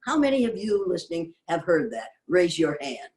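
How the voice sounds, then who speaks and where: A woman's voice: lowish voice, big pitch swings, normal speed. An older woman from the United States, a guest on an interview, making her points emphatically and in a lecturing manner. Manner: forceful, lecturing, quotes others in pointed voices. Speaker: guest, anti-racism educator.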